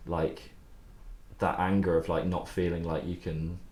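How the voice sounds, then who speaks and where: A man's voice: deep voice, little pitch movement, unhurried, darkish tone, echoey room. A young man who writes songs, chatting loosely during a stream, rambling and swearing with frequent laughs. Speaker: songwriter streaming his writing process. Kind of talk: casual livestream chat.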